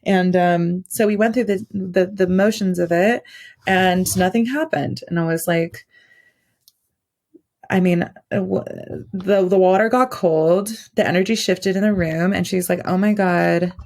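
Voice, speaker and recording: A woman's voice: on the low side, unhurried, darkish tone. A woman guest on a podcast, telling a personal story in a rambling, casual way, full of fillers and restarts.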